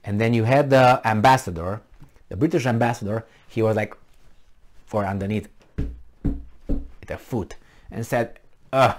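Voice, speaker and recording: A man's voice: fairly low pitch, a little slow, long pauses. A man vlogging in a casual, rambling way, sarcastic and mocking, a little tipsy from wine. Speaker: political vlogger.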